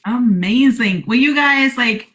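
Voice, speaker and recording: Woman host, bright-toned, a touch high, gushing and upbeat. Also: slow pace. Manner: upbeat, effusive. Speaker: host of a coaching call. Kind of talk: live-call hosting.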